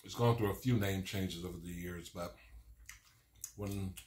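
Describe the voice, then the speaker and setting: A mukbang vlogger in his forties chats casually while eating, rambling through an old story and sometimes talking with his mouth full. His voice is deep, a little slow and a little mellow, with reverberant sound and slight background noise.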